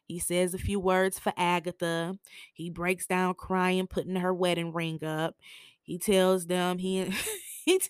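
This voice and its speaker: A woman's voice: lowish voice, little pitch movement, slow pace, clean tone, no room sound, clean studio sound. A woman podcaster recapping a TV episode in a casual, opinionated and slangy way, often laughing. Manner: chatty, opinionated, slangy, laughs at her own jokes.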